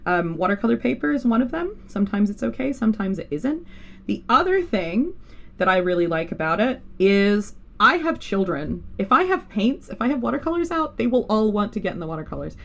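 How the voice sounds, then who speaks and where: A woman's voice: mid-range voice, big pitch swings, a little fast, vocal fry. A woman teaching a digital painting class on a livestream, rambling and stopping herself often with fillers. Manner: rambling, self-interrupting, with many fillers. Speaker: art instructor. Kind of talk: live digital painting tutorial.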